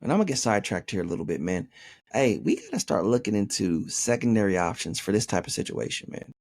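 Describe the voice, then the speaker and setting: A man's voice: on the low side, sing-song, fast talker, darkish tone, no echo. A man hosting a podcast, reading a listener's email aloud and riffing on it in a joking, profane way, saying "man" constantly. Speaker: podcast host.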